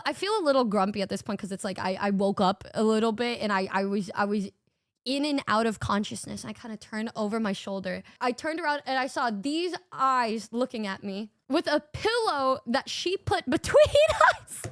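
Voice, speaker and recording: High-voiced woman telling a story. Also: normal speed, no room sound, clean studio sound. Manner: animated, swearing, laughing often. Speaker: streamer. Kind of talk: casual storytelling.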